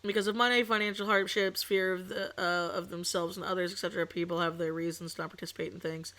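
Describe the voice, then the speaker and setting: A woman's voice: fairly low pitch, steady tone, fast, bright, forceful tone, a little hiss or hum. A young woman streaming live, ranting casually to her chat, swearing and laughing between points. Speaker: VTuber streamer.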